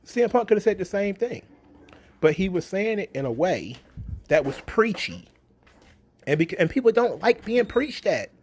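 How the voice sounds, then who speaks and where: A man's voice: high voice, very animated, moderate pace, darkish tone, breathy edge. A man in a casual opinion rant about wrestling, blunt, sarcastic and profane. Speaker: wrestling commentary vlogger.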